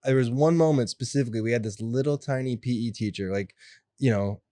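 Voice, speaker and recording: A young adult man telling stories as an interview guest, animated and acting out the voices of people in them. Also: medium pitch, brisk, dry recording. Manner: animated, acts out quoted voices. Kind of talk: casual storytelling interview.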